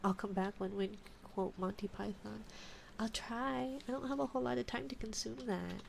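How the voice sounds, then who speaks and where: A woman's voice: on the high side, moderate pace, gravelly. A woman streamer chatting casually to her audience, muttering and grumbling while fixing her stream settings. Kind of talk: casual live-stream chat. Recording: loud background noise with keyboard clicks.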